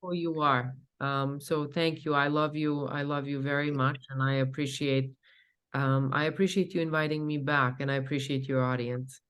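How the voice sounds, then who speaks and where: A woman's voice: deep voice, level tone, clean tone. Woman, earnest guest. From Bosnia. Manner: earnest, thoughtful, halting with fillers. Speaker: guest, professor. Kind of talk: casual interview talk.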